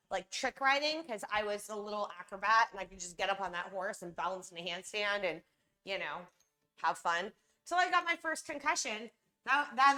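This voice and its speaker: Young female streamer, chatty and rambling; keen, bright voice pitched a little high. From California. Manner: chatty, rambling, talks straight to her viewers. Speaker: live streamer. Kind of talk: casual live-stream chat while baking.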